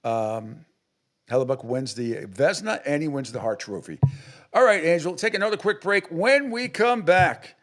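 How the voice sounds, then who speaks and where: A man's voice: on the high side, animated, normal speed, fairly bright tone. Blunt, ranting sports radio man. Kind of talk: opinionated sports radio monologue.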